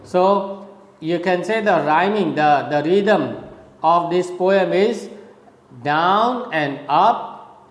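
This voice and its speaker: Guy teaching a college class, talks real slow and repeats stuff, echoey room. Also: sits high, darkish tone. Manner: slow, explanatory, repeats words and counts steps aloud. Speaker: college lecturer. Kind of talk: recorded classroom lecture. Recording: echoey room with long reverb.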